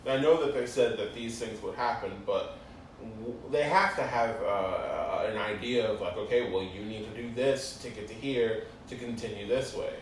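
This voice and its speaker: Male co-host, relaxed and conversational, distant mic, echoey room. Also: mid-range voice, normal speed, a little hiss or hum. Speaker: podcast co-host. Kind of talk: casual chat.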